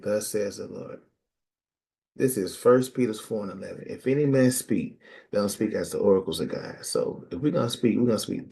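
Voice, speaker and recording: A man's voice: lowish voice, vocal fry, dark tone. A man preaching and teaching scripture in an emphatic call-and-response style.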